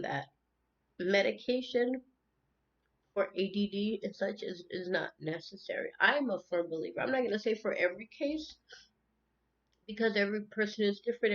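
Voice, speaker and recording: A woman's voice: medium pitch, dull audio. A woman talking earnestly and emotionally in an unscripted spiritual monologue, often repeating words as she goes. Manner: earnest, repeats words and restarts, tearful at times. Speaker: spiritual tarot channel host.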